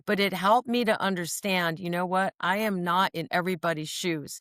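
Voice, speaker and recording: A woman's voice: medium pitch, a bit bright, no room sound, studio quality. Earnest woman telling personal stories. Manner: earnest, emphatic, checks in with "all right?" and "right?". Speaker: mental health speaker. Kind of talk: personal storytelling monologue.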